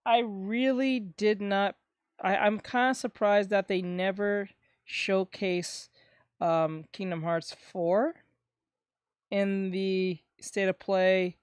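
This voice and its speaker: Woman, mid-pitched voice, casual chat, hesitant and trailing off, dry close sound. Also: fairly even intonation, slow, smooth, no echo.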